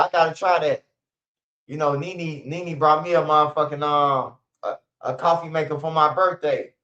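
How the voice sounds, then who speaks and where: A channel host in his forties, with a fairly high-pitched, fairly bright voice, tells rambling, profane stories on a livestream. He restarts often and laughs a lot as he goes. The stream audio is roomy, dull and lo-fi.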